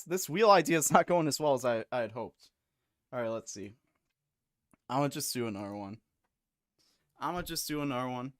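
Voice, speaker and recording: A man's voice: fairly high pitch, a bit bright, clear, resonant tone, no room sound. Young guy streamer, raised voice, bone-dry sound, rambling and crude. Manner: rambling, crude and slangy, quick asides. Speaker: streamer host. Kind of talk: casual live-stream chat.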